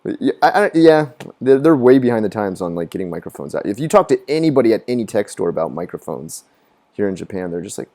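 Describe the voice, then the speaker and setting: A man on his live stream, chatting casually and rambling with a lot of swearing. He laughs at his own jokes and does high mocking voices of other people. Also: sing-song, fast talker, warm tone. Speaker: gaming streamer. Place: living in Japan.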